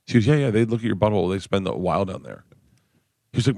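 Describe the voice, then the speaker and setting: A comedian in his fifties telling stories as a guest on a radio show, acting out quotes with a shrill voice. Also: animated, rapid-fire, dry recording, clean studio sound. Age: 50s. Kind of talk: casual storytelling chat. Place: radio studio.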